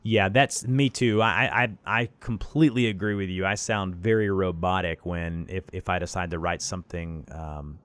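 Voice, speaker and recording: A man's voice: deep voice, steady tone, moderate pace, few pauses, a bit bright, dry recording. A man with a Southern American accent hosting a podcast, asking thoughtful questions and repeating words as he starts his sentences. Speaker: podcast host. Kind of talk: casual podcast interview.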